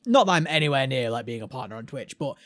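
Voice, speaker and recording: Animated British man ranting on a podcast. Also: medium pitch, fast, dry recording. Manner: animated ranting, mimics voices. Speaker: podcast host. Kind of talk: casual podcast chat.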